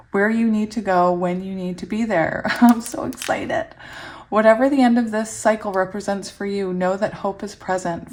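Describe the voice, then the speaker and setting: A young woman giving a casual tarot reading, giggly and excitable, often laughing as she reads the cards aloud. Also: medium pitch. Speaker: tarot reader.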